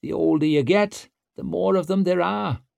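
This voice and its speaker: A man's voice: high voice, normal speed, vocal fry, darkish tone, no room sound, pitched above the performer's own voice. A wry old warrior mutters his dry quips under his breath, as a man reads him. The storybook recording is close and dry. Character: wry aging male warrior, dry wit.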